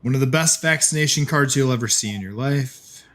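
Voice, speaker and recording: A man's voice: medium pitch, a little fast, fairly bright tone, a little hiss or hum. A man hosting a casual streamed chat, joking and slangy in a laid-back way. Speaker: podcast host. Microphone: streaming setup.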